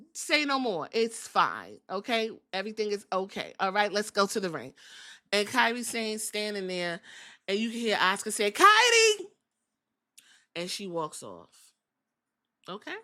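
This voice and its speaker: A woman's voice: mid-range voice, sharp tone. A woman hosting a podcast, recapping wrestling in a sassy, profane, casual way. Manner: sassy, profane, acts out quotes. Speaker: podcast host.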